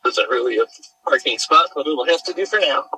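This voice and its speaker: High, bright-voiced man calling a dog. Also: expressive, fast talker, slightly rough, rough recording. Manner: calls out loudly and warmly to a dog. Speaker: dog owner searching for a lost dog. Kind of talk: phone call while searching outdoors. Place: outdoors in an open field at night.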